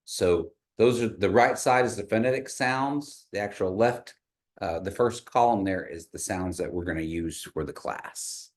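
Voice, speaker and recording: Male teacher with a lower voice, runs a patient repeat-after-me drill in a classroom. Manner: patient, models sounds slowly and has the class repeat. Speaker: language teacher. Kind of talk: classroom pronunciation lesson. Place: classroom with a group of learners.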